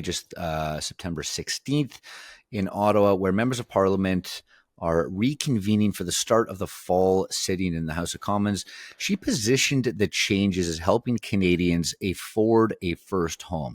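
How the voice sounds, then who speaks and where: A man co-hosting a podcast in casual discussion, relaxed and joking, often opening with "yeah, I mean". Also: deep voice, no echo, clean studio sound. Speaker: podcast co-host.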